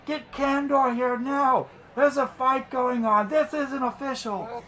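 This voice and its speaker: A man voicing a flock of small, lithe flying creatures that yell out high-pitched alarms in a tabletop game. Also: steady tone, takes it slowly, exaggerated voice. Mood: alarmed.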